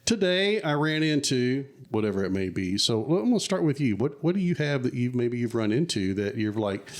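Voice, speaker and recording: A man's voice: medium pitch, big pitch swings, fairly quick, few pauses. A man co-hosting a podcast in casual chat, prompting his co-host with questions and defining terms.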